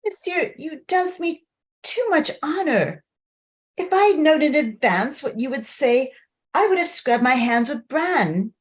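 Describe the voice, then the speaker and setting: A woman's voice: high voice, lively intonation, measured pace. A woman reading the part of a naive, trusting young peasant girl who speaks in rustic, broken grammar in a play reading over a video call. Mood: shy. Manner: rustic ungrammatical speech, hesitant.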